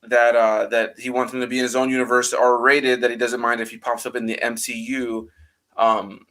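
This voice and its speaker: A man hosting a casual chat, rambling and animated, with plenty of fillers. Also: medium pitch, moderate pace. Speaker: host.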